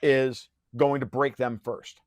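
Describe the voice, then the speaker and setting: A man's voice: mid-range voice, flat delivery, slow, dry recording. A man who is a podcast guest, talking in a heated conversational rant. He is profane and sarcastic, and he often restarts his sentences.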